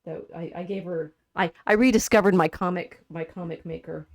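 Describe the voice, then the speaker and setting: A woman hosting a podcast in a casual discussion about literature. She talks in an animated way, laughs often and restarts her sentences. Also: on the low side, fairly quick, dry recording. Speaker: podcast host.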